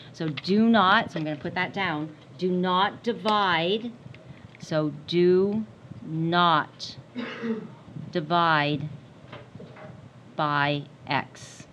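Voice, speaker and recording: A woman math teacher giving a recorded lesson, repeating warnings emphatically in a playful way. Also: medium pitch. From Canada. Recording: dull lo-fi sound with faint hiss.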